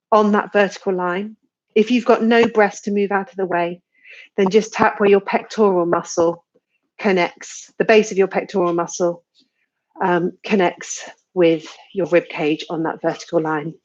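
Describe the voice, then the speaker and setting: Woman guiding a slow, soothing tapping session. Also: medium pitch, highs cut off. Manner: slow, soothing guidance with sighs and yawns. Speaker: tapping practitioner leading a live session. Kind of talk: guided tapping session, live stream.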